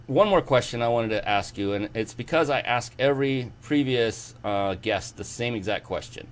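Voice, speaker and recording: A man's voice: medium pitch, measured pace. A man hosting an interview show, talking enthusiastically and rambling with many fillers and restarts. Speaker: show host. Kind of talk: casual interview chat.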